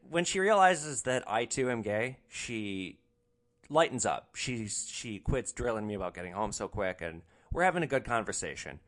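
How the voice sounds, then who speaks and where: A man's voice: on the low side, sing-song, normal speed, fairly bright tone. A man hosting a podcast, telling his rideshare stories in a casual, sarcastic, blunt way. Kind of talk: casual storytelling.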